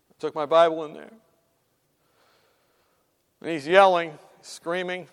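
A man's voice: on the high side, unhurried, long pauses, clean tone, long reverb tail. A man telling a story from his hospital work in a sermon, acting out the voices and dropping to whispers. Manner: animated, acts out voices, drops to whispers.

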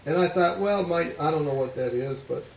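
A man's voice: fairly high pitch, brisk, vocal fry, slight background noise. A man preaching as a pastor, telling a story and acting out the voices of the people in it. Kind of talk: sermon storytelling. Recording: echoey hall, distant mic, dull sound.

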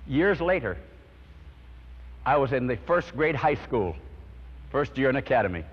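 A man's voice: mid-range voice, very animated, normal speed, breathy edge. A man preaching a sermon, telling his own testimony in an earnest storytelling way and praying. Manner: earnest storytelling, swelling with emotion. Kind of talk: sermon with personal testimony and prayer. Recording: dull lo-fi recording in long-reverb hall.

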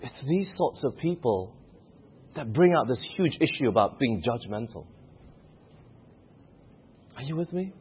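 A male preacher delivers a sermon and keeps drawing the congregation in with questions. His voice is slightly husky and rises and falls a lot. The recording is muffled and lo-fi. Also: mid-range voice, lively intonation, unhurried, long pauses.

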